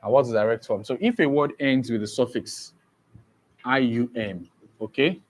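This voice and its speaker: A man's voice: mid-range voice, normal speed. A man giving an exam-prep lesson who keeps asking the class questions and repeating key points. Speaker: teacher.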